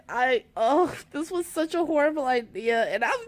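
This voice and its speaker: A woman making a casual vlog while crying, teary and worked up, swinging between shrill outbursts and quiet lines. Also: animated, normal speed, hardly any pauses. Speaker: book vlogger.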